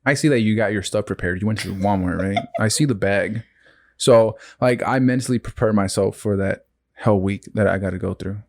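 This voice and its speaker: A young man hosting a podcast in casual chat, blunt and quick to laugh, swearing freely. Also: lowish voice. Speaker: podcast host.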